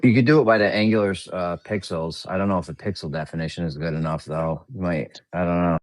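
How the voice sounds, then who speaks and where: A man's voice: low-pitched, steady tone, fast, dry recording, studio quality. A man bantering and arguing jokingly in a casual chat on a voice call.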